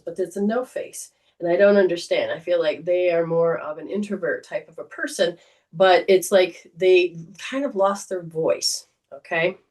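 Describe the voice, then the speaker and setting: A woman's voice: fairly low pitch, far from the mic. A woman hosting a casual livestream as a psychic reader, talking in a chatty, rambling way. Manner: chatty, rambling, warm storytelling.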